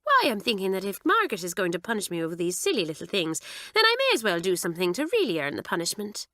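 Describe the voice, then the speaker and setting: A woman's voice: mid-range voice, huge pitch swings, fast talker, pushed and bright, dry recording, studio quality. A woman voicing a cheeky, easygoing Irish schoolgirl with a put-on Irish accent in a storybook reading. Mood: teasing. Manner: easygoing, teasing.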